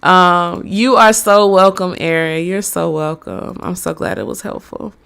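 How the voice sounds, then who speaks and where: A woman doing a live-streamed tarot reading, talking slowly with many fillers and answering chat messages. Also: fairly low pitch, steady tone, vocal fry, fairly bright tone, smooth. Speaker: tarot reader.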